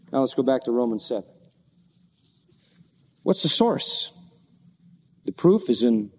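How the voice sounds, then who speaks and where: A man's voice: mid-range voice, mellow. Preaching man in an echoing hall. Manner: expository preaching, rhetorical questions, dramatic scripture reading. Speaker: pastor. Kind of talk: sermon.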